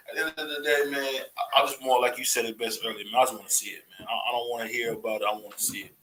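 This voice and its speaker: An animated man from Cleveland hosts a casual boxing chat with a bright, forceful voice. He laughs often and repeats his points for emphasis. A faint hiss sits under the recording. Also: mid-range voice, rapid-fire, few pauses, echoey room, rough recording. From Cleveland, USA. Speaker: podcast host.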